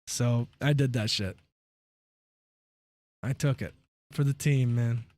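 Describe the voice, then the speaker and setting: A man streaming live, telling stories in a casual, profane, animated way. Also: mid-range voice, takes it slowly, no echo.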